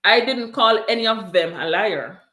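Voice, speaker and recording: A woman's voice: medium pitch, normal speed, pushed and bright, roomy sound. A mother talking in a casual chat about raising her kids, earnest and emphatic, repeating her key points. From came to Canada from abroad. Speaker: parent sharing experiences on a livestream.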